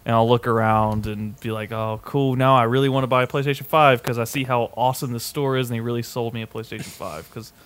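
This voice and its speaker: A young man hosting a podcast, telling a story in an animated, swearing way and acting out both sides of an argument. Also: medium pitch, quick pace, hardly any pauses, smooth. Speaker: podcast host. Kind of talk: casual storytelling chat.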